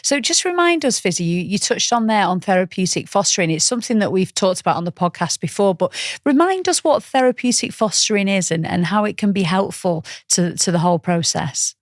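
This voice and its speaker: A woman's voice: medium pitch, lively intonation, a little fast, hardly any pauses, no echo, studio quality. A woman hosting a podcast, interviewing a guest and asking encouraging follow-up questions. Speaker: podcast host.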